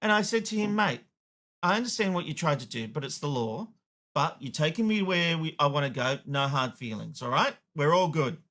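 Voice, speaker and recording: Aussie bloke on tv having a rant, tells stories doing all the voices, fairly high voice. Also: male voice, expressive, a little fast, sharp tone. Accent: Australian. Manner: blunt, storytelling with acted-out dialogue. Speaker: TV host. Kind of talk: opinion rant to camera.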